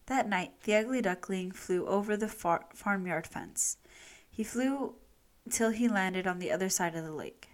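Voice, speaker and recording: A woman reading a children's story aloud, expressive and unhurried. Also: medium pitch.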